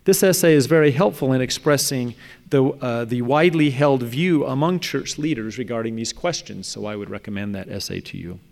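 A man reading a prepared academic paper aloud in a measured way, now and then stumbling and restarting. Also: medium pitch, creaky, a little mellow. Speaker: speaker presenting a paper on religious apologetics. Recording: echoey hall with long reverb.

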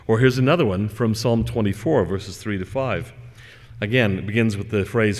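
A man giving a religious lecture, reading scripture in measured tones and adding chatty, humorous asides. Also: fairly low pitch, long reverb tail.

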